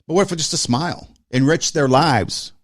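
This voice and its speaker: This man's voice sits on the high side and moves at a moderate pace as he hosts a podcast. Casual yet earnest, he tells a personal story in short listing phrases and repeats himself for emphasis. It's recorded in studio quality without echo.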